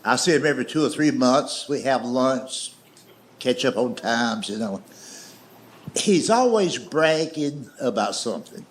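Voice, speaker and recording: A middle-aged man telling stand-up stories in a slow, folksy way. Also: mid-range voice, animated. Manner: slow, drawling storyteller with folksy grammar. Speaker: stand-up comedian. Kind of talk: stand-up storytelling. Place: comedy stage with audience laughter.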